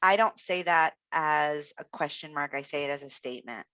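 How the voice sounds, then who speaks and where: A woman's voice: deep voice, normal speed, a bit bright, no room sound. A woman speech-language pathologist giving an encouraging, reflective webinar talk, with frequent fillers. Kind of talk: webinar presentation.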